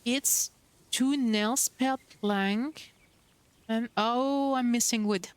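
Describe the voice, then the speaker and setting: A woman's voice: on the high side, drawn-out words, smooth, dry recording. A young woman streamer chatting casually while playing, bubbly and cooing over cute creatures. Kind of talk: casual gameplay commentary.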